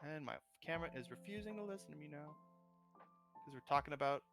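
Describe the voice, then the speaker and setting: A man's voice: a little high, animated, quick pace, music in the background. A man on a livestream who rambles casually, reads chat aloud and pokes fun at himself. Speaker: streamer and model kit builder, guest.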